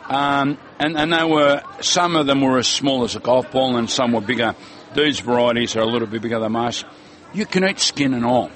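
A man's voice: mid-range voice, normal speed, a bit bright, a little hiss or hum. A man, a fruit seller talking casually and enthusiastically about produce at an outdoor market, with many fillers. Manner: enthusiastic, food-loving, hesitant fillers.

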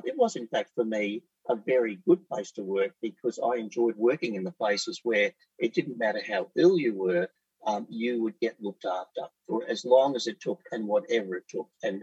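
A middle-aged male psychiatrist on a talk radio panel, with a lowish voice. He speaks in a measured, reflective way and hesitates with "um" now and then. The sound is dull and a little distant. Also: darkish tone, dry recording. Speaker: psychiatrist guest.

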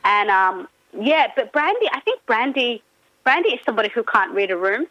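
A woman guest in a casual radio chat, telling stories with lots of fillers and excited jumps in pitch. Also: moderate pace, no room sound, highs cut off. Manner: animated storyteller, many fillers, pitch jumps when excited. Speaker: pop culture guest.

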